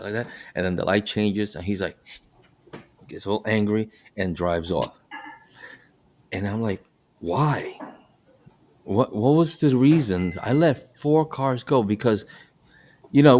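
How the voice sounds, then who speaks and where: A middle-aged man, a bus operator hosting a casual podcast, telling stories in a lively way with frequent restarts and repeated words. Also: on the low side. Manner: animated storytelling with frequent restarts.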